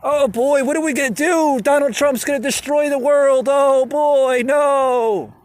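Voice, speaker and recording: A man's voice: extremely high pitch, fairly even intonation, unhurried, dry recording, voice pushed up. A man mimicking a panicking political caricature in a squealing, mocking voice of exaggerated alarm. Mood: panicked.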